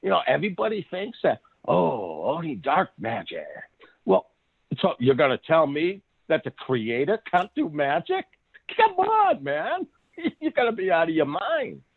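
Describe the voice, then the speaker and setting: Through narrow, tinny audio comes a co-host with a fairly high voice, big pitch swings, and vocal fry, speaking at a moderate pace. He chats casually, telling lively stories, laughing a lot, and performing voices as he goes.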